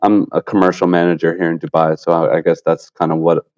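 A man calling in as a podcast guest, talking in a relaxed, thinking-aloud way. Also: low-pitched, fast. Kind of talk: casual podcast chat. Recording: dull lo-fi call-in line.

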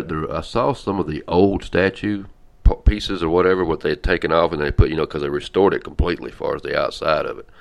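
This is a man, hosting a podcast in a loose, rambling chat. His voice sits very low and carries a gravelly fry, and he stops and restarts with plenty of fillers. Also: muffled recording. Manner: rambling, halting, with many fillers. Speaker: podcast host. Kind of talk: casual chat.

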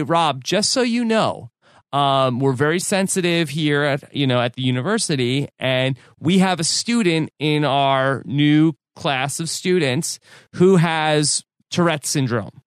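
A man's voice: fairly high pitch, clear, resonant tone, no room sound, studio quality. A man on a podcast, casually telling a story with many fillers and restarts. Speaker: podcast co-host. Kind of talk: casual chat recounting a story.

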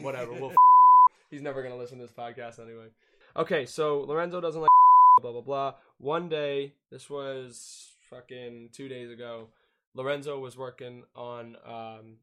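A man's voice: medium pitch, sharp tone. A young man casually telling a profane, laughing story on a podcast. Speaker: podcast host.

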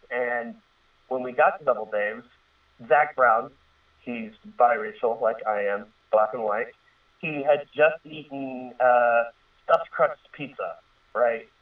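A man's voice: medium pitch, a little slow. A man in his thirties telling a personal story in a casual, earnest way, rambling with fillers and restarts. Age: 30s. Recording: tinny distant phone-line radio sound.

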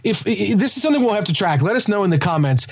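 A man from Kentucky co-hosting a podcast, chatting casually and joking about a TV series. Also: high-pitched. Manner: chatty, animated, quick to joke. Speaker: podcast co-host.

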